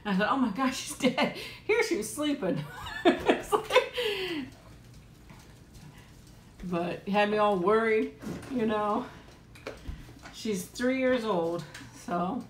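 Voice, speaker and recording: A woman's voice: on the high side, big pitch swings, slow, pauses often, reverberant, a little hiss or hum, low-quality recording. A woman hosting a casual live-chat eating stream from home, talking in a rambling way and laughing often. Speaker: livestream host.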